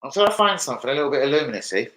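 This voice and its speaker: Man, young, casual livestream chat, swearing, bright voice. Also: mid-range voice, very animated, rapid-fire, poor audio. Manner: swearing, rambling, reads chat aloud. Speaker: football fan livestreamer. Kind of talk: casual live-stream chat.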